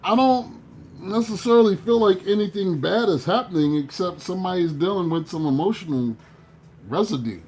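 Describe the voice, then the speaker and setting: Animated male tarot reader, swears freely. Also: high-pitched, normal speed, slight background noise. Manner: animated, swears, talks to himself. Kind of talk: casual tarot reading.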